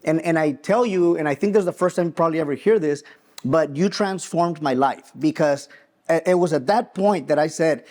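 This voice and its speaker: A man in his forties from Mexico, raised in West Texas, co-hosting a podcast and telling an earnest, animated personal story with frequent restarts. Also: fairly high pitch, a little fast. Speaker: podcast co-host, attorney.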